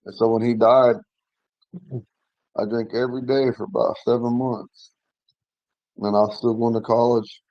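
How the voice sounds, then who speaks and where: A slightly hoarse man in his forties tells a personal story over a dull, dry video call. He talks casually and rambles, restarting sentences and clearing his throat often. His voice sits at an ordinary middle pitch. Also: little pitch movement, normal speed, long pauses, dry recording. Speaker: language class member telling a story.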